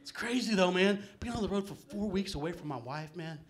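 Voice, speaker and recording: A middle-aged man working a small club stage with a slightly high voice. He rambles through his stories in a loose, self-deprecating way, tossing in "man" and "um" constantly. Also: lively intonation, brisk, crowd noise. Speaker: stand-up comedian. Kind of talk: live stand-up set. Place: small comedy venue with live audience.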